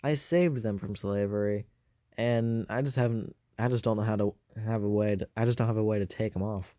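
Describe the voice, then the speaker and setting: A man voicing a calm, reasonable male soldier hero in his own plain, careless tone. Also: on the low side, brisk, dry recording, clean studio sound, natural voice. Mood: reasoning.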